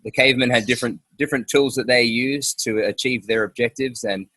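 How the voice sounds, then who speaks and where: A man's voice: medium pitch, fairly even intonation, a little fast, pushed and bright, slightly rough, no echo. A man hosting a casual interview outdoors, talking hesitantly with many fillers and restarts. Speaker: podcast host.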